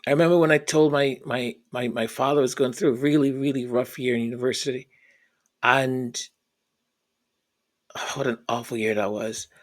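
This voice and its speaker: A man telling a personal story, halting and repeating words in an earnest way. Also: medium pitch, steady tone.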